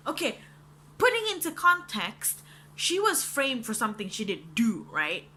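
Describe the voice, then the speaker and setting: A young woman reviewing a book in casual chat, animated and ranting, swearing freely and saying "like" a lot. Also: a little high, unhurried.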